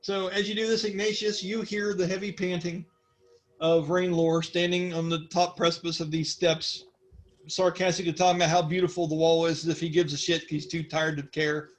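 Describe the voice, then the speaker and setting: A man running a tabletop role-playing session and describing the scene to his players. His voice is fairly high for a man. He rambles in a relaxed way and fills his pauses with many ums. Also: faint music behind. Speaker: game master. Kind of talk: narrating a tabletop game.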